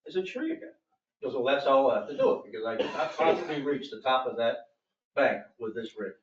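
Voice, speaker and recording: A man's voice: medium pitch, fast, echoey room, far from the mic, highs cut off. A man speaking at a public board meeting, telling his complaint with emphatic, aggrieved storytelling and quoting others. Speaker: property owner speaking at public comment.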